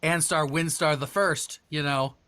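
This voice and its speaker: A man's voice: a little high, fairly even intonation, measured pace, pushed and bright, no room sound. A man who is ill, chatting casually and giggling before a tabletop game. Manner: bubbly, giggly. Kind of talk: casual chat.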